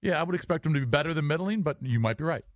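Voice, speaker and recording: A man co-hosting sports talk radio, laying out his points in a measured way. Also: a little high, expressive, no echo, clean studio sound.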